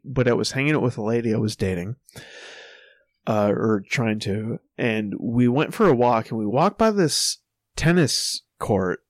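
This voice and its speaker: Profane, animated man telling a story. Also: mid-range voice, no echo. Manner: lively, profane, laughing anecdote with loud put-on quotes. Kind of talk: casual podcast storytelling.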